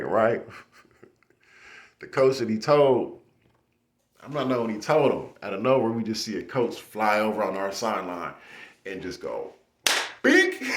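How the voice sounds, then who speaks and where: A young man telling a story casually and animatedly, laughing and acting out shouts. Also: fairly low pitch. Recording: echoey room.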